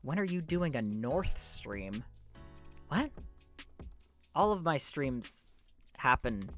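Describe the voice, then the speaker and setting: Low-voiced playful woman streamer. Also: takes it slowly, pauses often, faint music behind. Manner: playful, jokey, animated. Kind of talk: casual stream chat.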